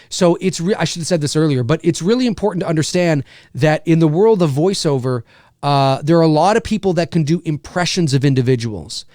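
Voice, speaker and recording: A man's voice: on the high side, darkish tone, no echo, clean studio sound. A man hosting his own show as a voice actor, talking in a rambling, candid way and often restarting his sentences. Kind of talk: casual livestream talk.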